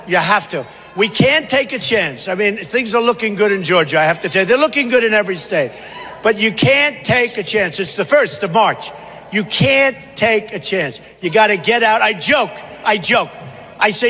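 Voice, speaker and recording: A man's voice: sits high, expressive, moderate pace, pushed and bright, breathy edge. A man giving a campaign rally speech as a candidate, boastful and repetitive in punchy bursts. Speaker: political candidate. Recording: reverberant hall, faint background noise.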